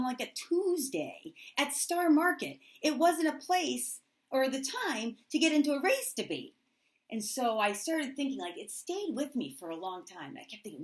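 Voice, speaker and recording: A woman's voice: fairly high pitch, sing-song, normal speed. A teacher speaking straight to camera, telling a personal story with candid feeling and acting out remembered dialogue in her own voice. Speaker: middle school teacher.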